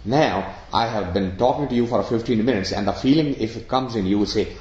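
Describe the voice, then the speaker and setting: In a room holding around sixty listeners, a spiritual teacher talks fairly fast in a lowish, darkish voice, asking questions and offering everyday illustrations. Echo fills the space, and the audio comes across dull and lo-fi.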